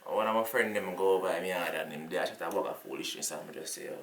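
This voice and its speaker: A man playing a jealous, hot-headed boyfriend who talks fast in Jamaican patois. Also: low voice, vocal fry, far from the mic. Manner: loud, agitated, shouting in patois. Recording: echoey room, off-mic, loud music.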